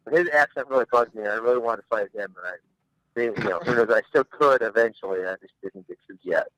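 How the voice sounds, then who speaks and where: Bright-voiced man, blunt rambling chat. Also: on the low side, fast talker, no room sound, low-quality recording. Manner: blunt, rambling, repeats words when starting. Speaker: podcast guest, fighter. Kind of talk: casual chat.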